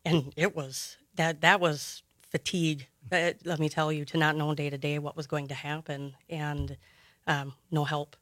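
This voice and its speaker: A woman who runs a childcare center, talking in a halting, earnest way as a guest on a radio interview. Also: low voice, flat delivery, fairly bright tone, no echo. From Wisconsin. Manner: halting, earnest, many restarts.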